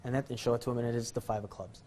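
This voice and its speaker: A man's voice: mid-range voice, flat delivery, racing, darkish tone. Jokey rambling magic teacher, a man. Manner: rambling, jokey, self-deprecating, chuckles often. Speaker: magic instructor. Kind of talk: casual card-trick tutorial.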